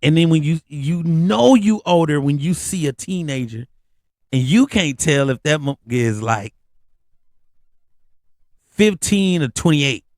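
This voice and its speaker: A man's voice: a little slow, long pauses, no room sound, studio quality. A middle-aged man hosting a podcast, telling comedic stories in slangy casual talk, with his voice jumping up on the punchlines. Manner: animated, slangy storytelling with rising pitch on asides. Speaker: podcast host.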